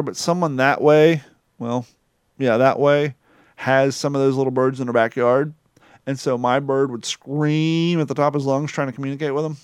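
A man's voice: mid-range voice, clear, resonant tone, no room sound, studio quality. A man in a casual chat who rambles through his stories and swears freely.

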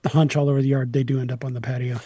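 A man's voice: medium pitch, little pitch movement, warm tone, husky, no echo. A man in a casual chat who teases the others and throws in jokes. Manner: teasing, quick with jokes.

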